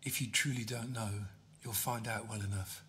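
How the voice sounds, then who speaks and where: A man voicing Z, a curt, hushed young woman. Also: lowish voice, fairly even intonation, moderate pace. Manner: curt, hushed, often whispering. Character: young woman guide, tough, secretive and blunt.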